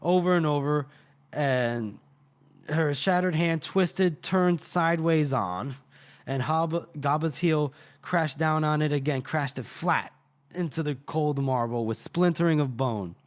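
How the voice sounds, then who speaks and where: A man co-hosting a casual book podcast walks through a scene step by step. His voice sits a little high, and he rambles with plenty of fillers and casual swearing. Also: a little slow. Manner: rambling, animated, profane, with many fillers. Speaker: podcast co-host. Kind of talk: casual chat, retelling a book chapter.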